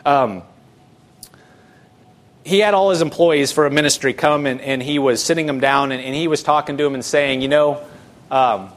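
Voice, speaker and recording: A man's voice: mid-range voice, moderate pace, pauses often. A middle-aged man preaching an earnest, conversational sermon, asking rhetorical questions and often restarting his sentences. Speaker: pastor.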